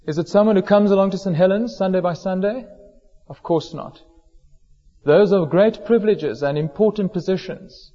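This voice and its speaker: A man preaching a sermon in a church, measured and slowing down to stress key words. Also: sits high, warm tone. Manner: measured, slows down for emphasis on quoted words. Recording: dull lo-fi sound in a hall with long reverb.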